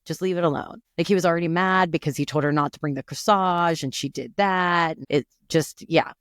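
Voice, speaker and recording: A woman in her forties co-hosts a podcast and tells stories in an animated, chatty way, slipping into the voices of the people she describes. Her pitch jumps around a lot, and her voice sounds dry and close to the mic. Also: normal speed, no echo. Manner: animated storytelling, acts out quoted voices. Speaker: podcast co-host. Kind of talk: casual chat.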